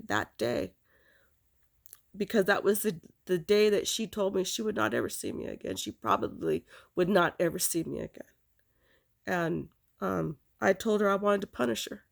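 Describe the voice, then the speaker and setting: Gravelly-voiced woman telling a painful story. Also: on the low side, fairly bright tone. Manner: halting, with frequent restarts and fillers; earnest, emotional retelling. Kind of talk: personal storytelling.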